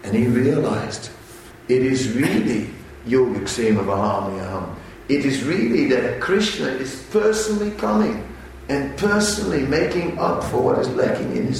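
A man giving a religious talk at a retreat, telling a story in a halting way and briefly voicing the people in it. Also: medium pitch, sing-song, vocal fry, a little mellow, heavy reverb, distant mic, slight background noise, poor audio. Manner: halting, unhurried storyteller who briefly voices quoted characters.

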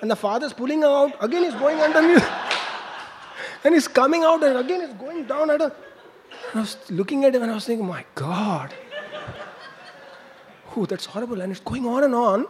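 A man's voice: very high-pitched, fairly quick, pauses often, noisy background. A man preaching, telling a story with laughs and sound effects. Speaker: monk preacher. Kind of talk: storytelling sermon.

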